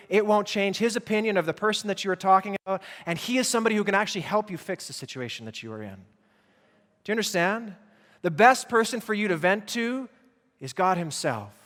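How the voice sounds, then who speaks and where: Male pastor, fairly high voice, conversational and emphatic sermon delivery, long church reverb. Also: a bit bright. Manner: conversational, emphatic preaching with asides to the congregation. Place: church sanctuary.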